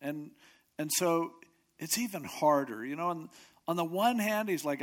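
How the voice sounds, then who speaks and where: Expressive man preaching a casual sermon. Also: on the high side, moderate pace. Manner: conversational, expressive, acts out quotes.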